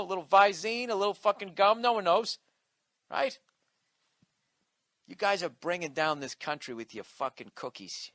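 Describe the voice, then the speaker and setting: Ranting comedian man, bright dry voice. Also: a little high, dry recording. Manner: profane ranting, mocking impressions. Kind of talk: podcast rant.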